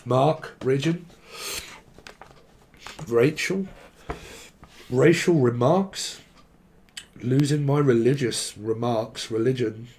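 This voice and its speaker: A man's voice: medium pitch, takes it slowly, darkish tone, slight background noise. A man giving a casual tarot reading who rambles playfully, acts out quoted voices and swears freely. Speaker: tarot reader.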